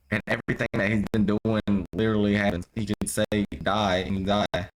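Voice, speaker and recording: Deep-voiced young man reading scripture casually. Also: fairly even intonation, slight background noise, rough recording. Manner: reads archaic text haltingly, then riffs in loose profane slang. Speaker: streamer reading scripture aloud.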